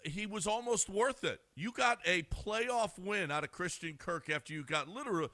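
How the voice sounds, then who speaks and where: Animated, bright-voiced sports radio host. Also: male voice, high-pitched, moderate pace, no room sound, clean studio sound. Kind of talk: morning sports radio chat.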